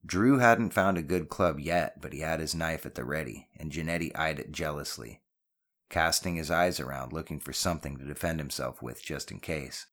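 Brief: male audiobook narrator, very low voice, steady and measured.

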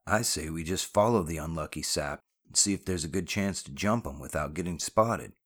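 A man voicing a tough, sardonic male criminal with a gravelly, blunt delivery. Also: low voice, moderate pace, fairly bright tone.

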